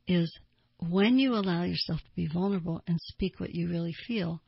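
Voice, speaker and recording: A woman's voice: on the low side, gravelly, slightly rough, no echo. A woman therapist giving advice in an earnest way, asking listeners pointed rhetorical questions. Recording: dull lo-fi dry recording.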